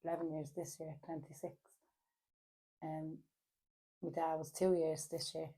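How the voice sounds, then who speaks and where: Podcast guest: woman, Dublin accent, lower register, halting and filler-heavy, perks up for anecdotes. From Ireland. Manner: hesitant, many fillers, animated when telling stories. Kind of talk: casual chat.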